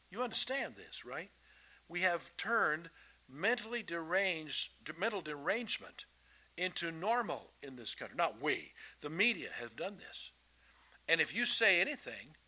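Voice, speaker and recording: Folksy, bright-voiced preacher man. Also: on the high side, slightly rough, rough recording. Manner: folksy and emphatic, with repeated restarts. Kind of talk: sermon to children and adults.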